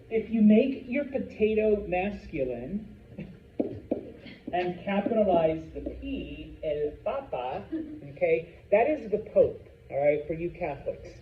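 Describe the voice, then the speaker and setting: A middle-aged man teaching a Spanish class, chatty and joking, checking in with "okay?" after most points. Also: sits high. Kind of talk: classroom lecture. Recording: tinny, echoey classroom recording with faint hiss.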